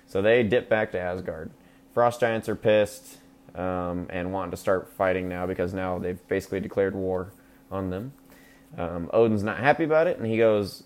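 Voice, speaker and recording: A man with a very low voice recaps a film on his podcast. He rambles loosely, peppering his talk with ums and likes and swearing for laughs. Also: fairly even intonation, normal speed, darkish tone. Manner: rambling, crude and joking, with frequent fillers. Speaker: podcast host. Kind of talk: casual movie recap.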